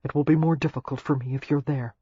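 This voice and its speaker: A narrator voicing a troubled young American man in an audiobook, speaking quietly and hoarsely. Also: medium pitch, steady tone, fast talker, no room sound, highs cut off, lightly acted. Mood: subdued. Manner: quiet and subdued. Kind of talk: audiobook character reading.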